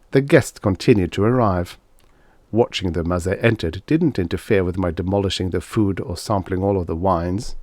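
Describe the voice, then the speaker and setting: A man's voice: low-pitched, darkish tone, no room sound, clean studio sound. A man reading a novel aloud in a wry, sardonic first-person style. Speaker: audiobook narrator. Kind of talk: scripted audiobook narration.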